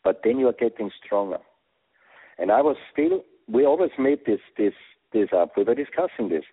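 A former soccer coach being interviewed over the phone, speaking earnest English with non-native phrasing. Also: male voice, mid-range voice, sing-song, normal speed, husky, no echo. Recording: tinny phone line.

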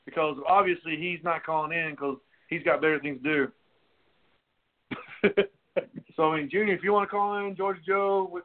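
A man's voice: fairly high pitch, steady tone, moderate pace, pauses often. A man hosting a casual radio show, talking in a loose, joking, rambling way. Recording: tinny phone-like audio.

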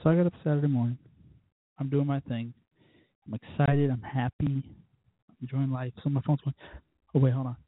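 A podcast host delivers a casual solo monologue, rambling and profane, with mimicked voices and sound effects. His voice is mid-range with a steady tone and moderate pace, and he pauses often. There's no echo, but the sound is tinny, phone-like, and lo-fi.

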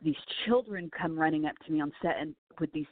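A woman's voice: deep voice, fairly quick, dry recording. A woman, an animal handler, telling stories eagerly and animatedly in a casual interview. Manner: enthusiastic, animated storyteller. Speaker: film set snake wrangler and wildlife handler. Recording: tinny dry phone-line audio.

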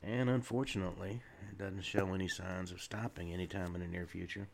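Deep gravelly radio host. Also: male voice, steady tone, a little fast, slight background noise. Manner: rambling, with frequent uh fillers and restarts. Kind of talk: solo radio talk monologue. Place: radio studio.

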